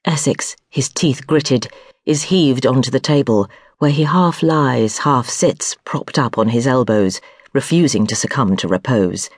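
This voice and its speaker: A woman reads a historical novel aloud, unhurried and measured. Her voice is husky and breathy, and the close recording is completely dry. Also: very deep voice, dry recording. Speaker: audiobook narrator. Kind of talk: scripted narration of a historical novel.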